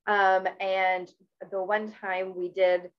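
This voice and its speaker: A woman's voice: mid-range voice, little pitch movement, takes it slowly, clean tone, dull audio. A woman from Canada interviewing a guest in a casual, earnest, rambling way with many restarts.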